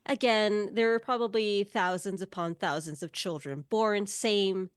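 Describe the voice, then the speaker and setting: Woman, player, measured, slow, dry sound. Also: medium pitch, clean tone, dry recording. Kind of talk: describing her character's actions.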